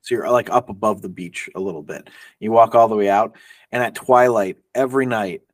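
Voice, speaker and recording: A man's voice: lowish voice, brisk, dry recording, distant mic. Emphatic male podcast co-host. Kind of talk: casual chat.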